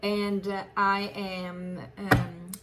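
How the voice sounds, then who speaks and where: Woman, tarot reader, warm chatty delivery, affectionate, faint hiss behind. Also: medium pitch, little pitch movement, drawn-out words. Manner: chatty, affectionate, laughs often, restarts phrases. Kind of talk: casual tarot reading to camera.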